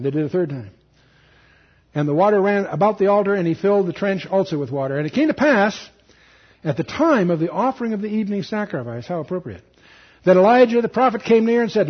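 A man's voice: high-pitched, lively intonation, fast talker, slightly rough, muffled recording. A man teaching a sermon, reading scripture aloud with dramatic emphasis and breaking in with casual asides. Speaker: Bible teacher.

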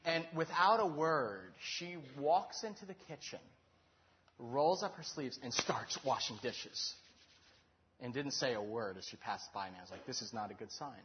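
A man preaching in a storytelling sermon, animated and acting out the voices in his story. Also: mid-range voice, a little slow, slight background noise. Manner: animated, acts out quoted dialogue. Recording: dull lo-fi recording.

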